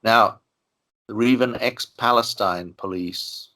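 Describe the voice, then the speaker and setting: Older man from Ireland, interviewee, lowish voice, rambling and chatty. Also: a little slow, sharp tone. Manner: rambling, frequent "you know" asides. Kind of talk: relaxed storytelling interview.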